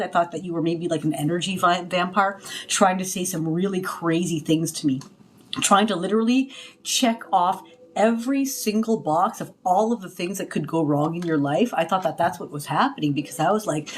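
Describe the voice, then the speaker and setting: Rambling woman healer on a live stream. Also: lowish voice. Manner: rambling and confiding, many restarts and fillers, loud cries when acting out others. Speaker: spiritual healer on a livestream. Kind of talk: casual livestream talk. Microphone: phone.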